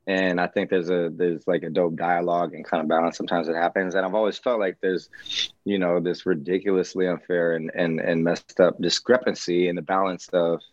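Rapper guest on a call: low, laid-back, rambling, muffled dry audio. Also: male voice, brisk, dry recording. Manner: relaxed, rambling, many fillers and restarts. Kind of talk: casual interview chat. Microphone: video call.

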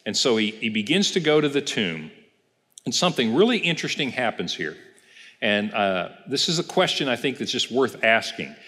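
A man's voice: medium pitch, big pitch swings, moderate pace, pushed and bright. A man pastor giving a casual Bible class, telling the story and asking the class questions. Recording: reverberant church hall.

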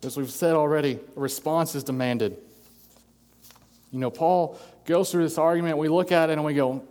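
A man's voice: fairly high pitch, fairly quick, a little mellow. A man preaching an earnest sermon as pastor, acting out quoted voices as he goes. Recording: long hall reverb.

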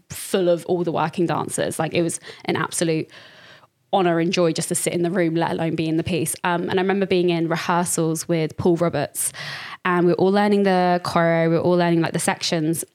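A woman's voice: lowish voice, darkish tone. A young woman, a dancer, chatting as a podcast guest and acting out her own past thoughts as she tells stories. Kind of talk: casual interview chat.

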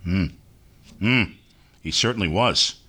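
A man's voice: low voice, slow, bright, forceful tone. A man hosting a radio interview, chuckling often and cutting in with short affirmations. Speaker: radio host. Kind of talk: interview chat.

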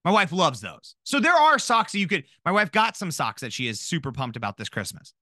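A man in his thirties chatting on a podcast, his voice high and bright. He swings up and down with lively energy, joking at his own expense. The sound is close and dry. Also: fairly quick, no echo. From Minnesota. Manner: animated, jokey, self-deprecating. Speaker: podcast co-host. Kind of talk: casual chat.

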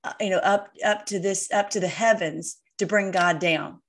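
This is a woman's voice at a middle pitch in relaxed conversation about faith. She speaks haltingly, with frequent fillers, restarts and trailing phrases. The tone is informal and conversational throughout.

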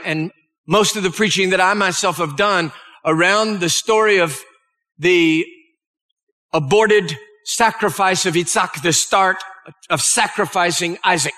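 A man's voice: sits high, measured pace, bright, forceful tone. A male pastor preaching a sermon, reading scripture aloud and stopping to explain it and to pray.

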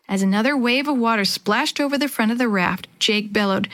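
A woman reading a children's chapter book aloud in a lively, expressive way. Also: fairly high pitch, a little fast, few pauses. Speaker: storyteller.

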